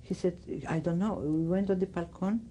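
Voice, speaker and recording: An older woman with a Greek accent, giving oral history testimony in halting speech, often searching for words. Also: fairly low pitch, fairly even intonation, dark tone, slight background noise, low-quality recording. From Greece. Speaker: interviewee.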